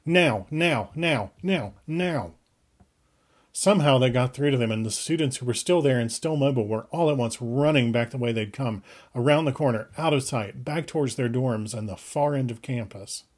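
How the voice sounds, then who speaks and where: A man reads a first-person story aloud at a medium pitch. His delivery is brisk and urgent, pushing through action scenes with shifting tempo. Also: a little mellow. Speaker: audiobook reader. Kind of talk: first-person fiction narration.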